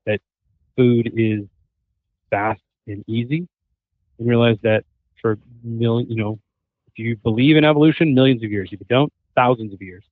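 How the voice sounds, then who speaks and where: This podcast guest, a man in his thirties who hunts and cooks, speaks at normal speed with a medium pitch and pauses often. Telling his stories with gusto, he acts out other people's words during the casual chat. No echo, though the remote line sounds tinny like a phone.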